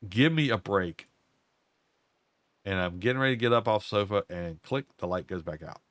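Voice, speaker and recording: Speaking fast in a deep, fairly bright voice over a dry recording, an older man who hosts a gaming channel tells a folksy story as he plays at home. He rambles and says the same things repeatedly.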